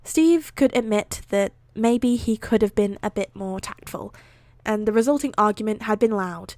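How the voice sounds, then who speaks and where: A woman's voice: medium pitch, slow, gravelly, darkish tone, no room sound. A woman streamer reading fan fiction aloud on a live stream, giggling and breaking off to react. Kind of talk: live-stream read-aloud with chatty asides.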